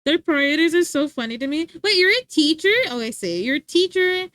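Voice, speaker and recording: High-voiced playful woman streamer. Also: animated, brisk, fairly bright tone, dry recording. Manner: playful teasing, laughs often. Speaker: livestreamer. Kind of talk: casual chat reading stream chat. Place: home streaming setup.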